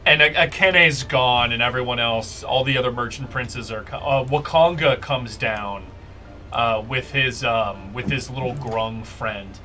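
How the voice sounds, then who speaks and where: A man narrating slowly as game master of a tabletop game, relaxed and full of fillers. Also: medium pitch, slight background noise.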